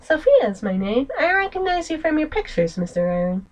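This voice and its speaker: A woman's voice: high voice, big pitch swings, a little fast, voice pushed up. A woman reading a polite young maid in a game, in a raised voice with an American accent.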